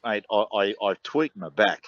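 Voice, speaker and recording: A man's voice: lowish voice, lively intonation, moderate pace, no room sound, dull audio. An Australian man, a radio co-host, rambling through casual sports-show banter with lots of stammers and mates. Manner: rambling storyteller, stammers and says mate often.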